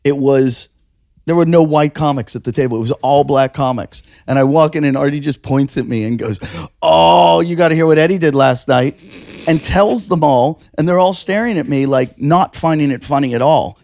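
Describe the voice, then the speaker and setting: A man's voice: medium pitch, normal speed, no echo, clean studio sound. A man co-hosting a podcast, telling stories in casual chat and acting out the quotes with lots of swearing. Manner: animated, swearing, acts out quotes. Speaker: podcast co-host.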